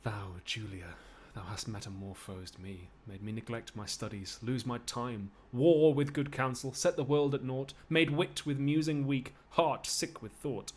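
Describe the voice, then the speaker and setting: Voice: medium pitch, measured pace, hardly any pauses, a little hiss or hum, lightly acted. A streamer reading the part of a lovesick young nobleman in a live amateur read-through of a play. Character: young lovesick male nobleman, moony and wordy.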